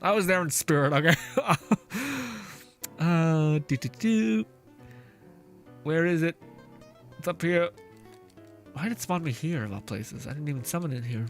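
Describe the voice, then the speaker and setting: A man with a slightly high voice talks unhurriedly, leaving long pauses, while streaming his gameplay. He chats casually, reads viewers' messages aloud, curses often and laughs easily. His voice comes through a face mask over quiet background music.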